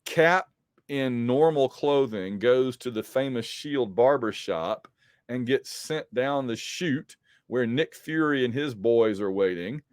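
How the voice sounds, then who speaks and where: A man's voice: mid-range voice, expressive, takes it slowly, clear, resonant tone, no echo, studio quality. A man casually recapping a comic book story as a podcast host, rambling with frequent ums and self-corrections.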